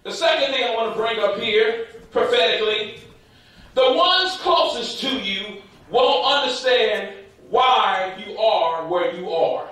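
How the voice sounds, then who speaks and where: A man with an American accent preaching a fervent sermon as an apostle, repeating words and shouting lines to a responding congregation. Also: sits high, animated, unhurried. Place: church sanctuary. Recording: echoey church, mic from a distance, congregation responding.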